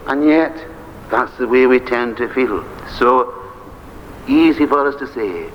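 A man's voice: medium pitch, animated, measured pace, a bit bright. An older man, a minister preaching an earnest, emphatic sermon. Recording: dull lo-fi archive recording with faint hiss.

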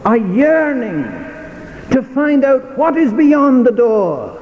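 A man's voice: extremely high pitch, sing-song, slow pace, slight background noise. A male preacher delivering an emphatic sermon, repeating key phrases for stress. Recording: dull lo-fi sermon tape with long hall reverb.

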